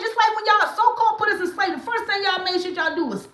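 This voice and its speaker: A woman's voice: very high-pitched, fast, few pauses. Blunt, emphatic woman in an echoey room. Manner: blunt and emphatic, swings into loud preaching bursts. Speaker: livestream host. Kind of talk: casual livestream talk.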